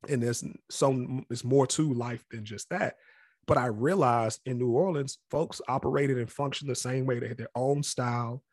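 An adult man past college age, originally from Capitol Heights near Washington, D.C., tells his story as an interview guest, candid and reflective, frequently performing other people's voices. His medium-pitched, slightly mellow voice has fairly even intonation at normal speed, recorded with studio quality and no echo.

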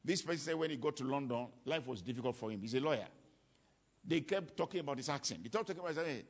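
A man's voice: mid-range voice, lively intonation, fast talker, husky. A man preaching a sermon to a congregation, emphatic and fond of repeating his key lines for weight. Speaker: preacher teaching on ministry.

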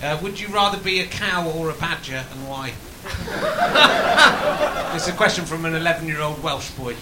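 A man's voice: fairly high pitch, very animated, unhurried. A man hosting a live comedy chat show on stage, joking with his guests and laughing often. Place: stage before a live audience. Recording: echoey venue with audience noise.

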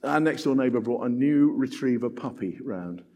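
An older man preaching a sermon in an animated, conversational way, with self-deprecating asides. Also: mid-range voice, normal speed, in a large hall.

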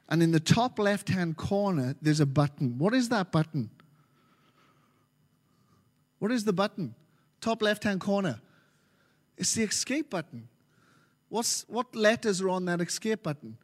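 An Australian man preaching a sermon as pastor, animated and joking with his congregation. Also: high-pitched. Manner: animated, jokey preaching with quick asides. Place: large church hall. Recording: reverberant church hall.

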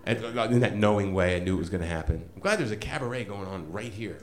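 A man telling a comedic story to a live audience, animated and self-mocking, laughing often as he goes. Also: lowish voice, fast talker.

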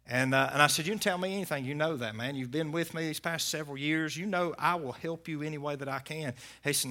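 A man, a pastor preaching a sermon and telling a story in a folksy way, swinging from loud preaching to hushed talk. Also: fairly high pitch, fairly quick.

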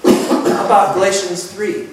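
A man's voice: high-pitched, steady tone, measured pace, roomy sound, loud music behind the voice, low-quality recording. A man preaching a sermon to a congregation, emphatic and punchy, with joking asides.

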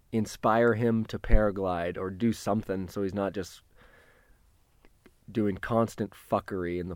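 Animated man telling a story, dry sound. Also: on the low side, dry recording. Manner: animated, acts out quotes in a raised voice; swears casually. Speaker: podcast host. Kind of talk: casual storytelling.

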